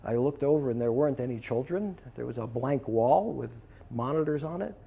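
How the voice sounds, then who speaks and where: A man telling a personal story to trainees, lively and acting out both sides of the conversations he recounts. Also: mid-range voice, fairly quick, vocal fry, slightly rough. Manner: animated, acts out both sides of a dialogue. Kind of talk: storytelling talk.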